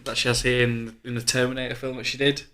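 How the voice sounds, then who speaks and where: A man who is a guest on a casual film chat podcast, speaking in a measured, matter-of-fact way. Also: medium pitch, flat delivery, bright, forceful tone.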